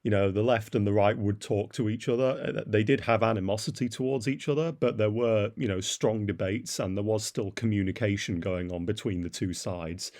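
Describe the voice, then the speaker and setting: A man's voice: fairly low pitch, moderate pace, few pauses, a little mellow. A man giving a blunt, derisive opinion monologue as a commentator, with frequent "uh" fillers. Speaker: political commentator.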